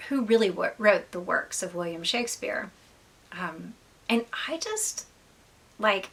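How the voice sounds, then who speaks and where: A woman talking casually to her viewers in a husky, slightly gravelly voice with a bright, forward edge. She sounds congested and stuffed up, rambling chattily with plenty of filler words. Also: medium pitch. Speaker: knitting podcast host. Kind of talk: casual chat to camera.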